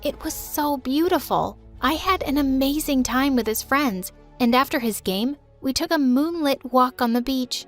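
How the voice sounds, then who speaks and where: High-voiced young woman narrating a story. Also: lively intonation, normal speed, few pauses, soft background music. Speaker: first-person narrator.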